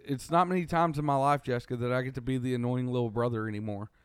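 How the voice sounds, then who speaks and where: Joking man, crisp dry voice. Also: medium pitch, fairly even intonation, fast talker, no echo. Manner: teasing, joking banter. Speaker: podcast co-host. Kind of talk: casual podcast chat.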